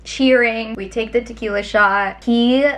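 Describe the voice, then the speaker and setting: A woman's voice: a little high, fairly even intonation, a little slow, a bit bright. A young woman vlogger telling a long story in a chatty, rambling way, full of fillers. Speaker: lifestyle vlogger. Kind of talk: casual storytelling to camera.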